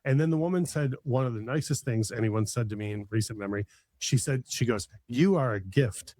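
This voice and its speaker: A middle-aged man hosting a casual chat and talking at an ordinary pitch. He rambles with real enthusiasm, circling back with lots of fillers and restarts. His voice is recorded close and dry, with no room echo. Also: brisk, a little mellow. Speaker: podcast host.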